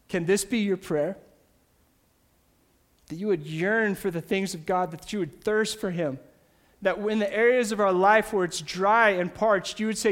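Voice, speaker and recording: A man preaching a sermon to his church, animated, swinging from loud emphatic bursts down to soft, quiet points. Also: high-pitched, unhurried. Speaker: pastor.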